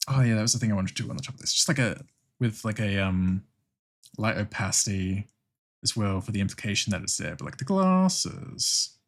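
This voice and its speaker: A young Australian man streaming while he draws, thinking out loud in casual chat, laughing often and swearing freely. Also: lowish voice, fairly even intonation, fast talker, gravelly.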